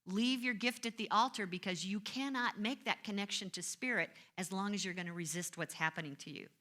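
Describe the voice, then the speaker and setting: Middle-aged woman minister, bright clear tone, chatty sermon, pokes fun at herself. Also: mid-range voice, a little fast. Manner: conversational, self-mocking storytelling with acted-out complaints.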